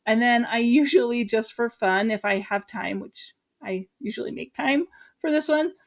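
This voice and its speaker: A woman from Utah, a teacher, chatting casually and lively as she walks through her lesson plan with quick asides. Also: fairly high pitch, gravelly. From Utah, USA.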